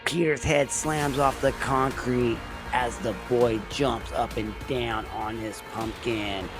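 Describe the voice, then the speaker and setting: A man narrating a movie plot recap in a plain, steady storytelling manner. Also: mid-range voice, takes it slowly, over music.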